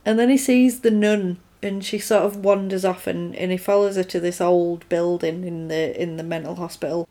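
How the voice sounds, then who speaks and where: A woman's voice: fairly low pitch, moderate pace. A woman chatting casually, recapping a film and acting out the characters' lines. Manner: animated, acts out characters' lines while laughing.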